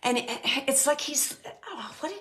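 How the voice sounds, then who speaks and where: A woman medium gives a live reading, her voice bright and a little high. She speaks in halting bursts, circles back over the same words and fills the gaps with soft fillers while she relays what she hears. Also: animated. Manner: halting, repeats phrases, many fillers; relays messages, quotes the dead man. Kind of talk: live audience reading, thinking aloud.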